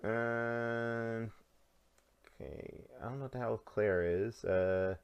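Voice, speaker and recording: A man's voice: mid-range voice, fairly even intonation, slow pace, smooth, muffled recording. A man hosting a casual gaming podcast, easygoing and full of filler "uh"s. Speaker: podcast host.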